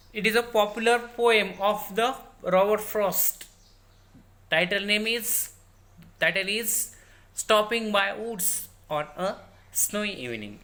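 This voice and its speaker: A woman teacher with an Indian English accent giving a recorded lecture, repeating key sentences slowly for her students. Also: medium pitch, a bit bright.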